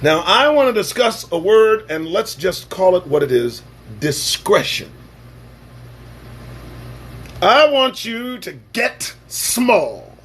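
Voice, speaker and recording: A man's voice: high-pitched, very animated, takes it slowly, fairly bright tone, breathy edge. A man hosting a casual live-stream show, talking in a profane, sarcastic and preachy way. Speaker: livestream show host.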